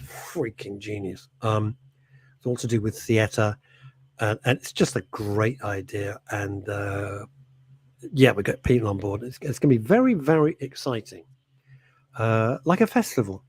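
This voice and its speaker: A man's voice: fairly low pitch, measured pace, husky. A man hosting a radio show, chatting and joking in a playful way. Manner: animated, jokey, breaks into silly voices. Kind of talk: casual comedic chat. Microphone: studio microphone.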